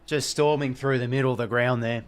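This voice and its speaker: A man's voice: mid-range voice, steady tone, a little fast, a little hiss or hum. Exasperated Australian man on a watch-along. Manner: exasperated, rambling, swears casually, reads out viewer donations. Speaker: host of a live football watch-along. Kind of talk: casual live watch-along commentary.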